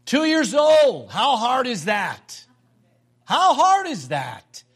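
A man's voice: very high voice, takes it slowly, husky. An older man preaching a sermon, telling stories and repeating phrases for emphasis. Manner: animated storytelling with emphatic repetition. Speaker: pastor.

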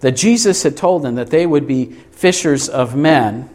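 This preacher's voice is a little high and a little mellow; he throws rhetorical questions at his congregation and answers them himself, his delivery emphatic and deliberate.

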